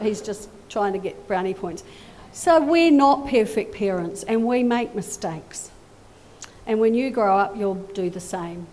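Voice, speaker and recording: Lively high-voiced woman leading a kids' talk. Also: a little hiss or hum. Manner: animated, asks children questions. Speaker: children's talk leader at church. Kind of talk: children's talk in a church service. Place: church service.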